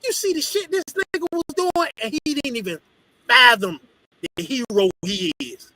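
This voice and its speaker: High, bright-voiced man preaching hard. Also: normal speed, poor audio. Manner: animated, profane, emphatic. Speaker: religious teacher. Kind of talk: street-style preaching with storytelling.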